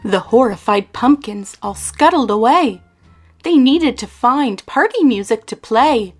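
A woman reading a rhyming children's picture book aloud in a lively, sing-song way. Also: on the high side, measured pace, soft background music. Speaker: storyteller.

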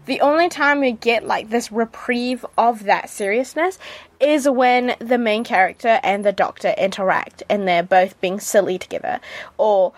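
A woman's voice: fairly high pitch, moderate pace, no room sound. Chatty New Zealand woman radio host. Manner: chatty, gushing, many fillers and restarts. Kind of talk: casual drama review. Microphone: studio mic.

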